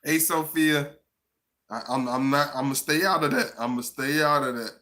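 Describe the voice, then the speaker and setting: Rambling man with a bright voice. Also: a little high, fairly even intonation, normal speed. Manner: rambling, repeats himself, laughs often. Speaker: live-stream host. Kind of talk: casual live-stream chat.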